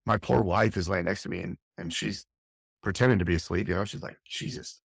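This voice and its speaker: A man's voice: low-pitched, fast, vocal fry, husky, no echo, clean studio sound. A middle-aged man, a fire captain, recounting a harrowing experience intensely and candidly in an interview, often restarting his phrases. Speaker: fire captain, podcast guest.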